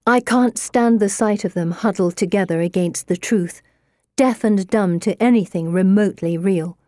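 A woman reading a first-person novel aloud, expressive and wry with a bitter undertone. Her voice is mellow and warm, of middling pitch. It sounds dry and close, with no room around it. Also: moderate pace, no echo. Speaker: audiobook narrator.

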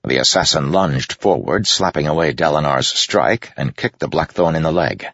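A man narrating a fantasy audiobook in a measured, dramatic reading. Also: extremely low pitch, vocal fry, fairly bright tone, dry recording, muffled recording. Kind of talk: scripted narration.

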